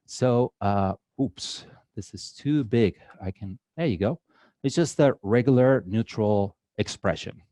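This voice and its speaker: A man with a Mexican accent leads a live drawing workshop in an event hall, chatting and joking with the audience and using plenty of filler "uh"s. His voice is on the low side and warm, his pace unhurried, and the recording is dry and studio quality.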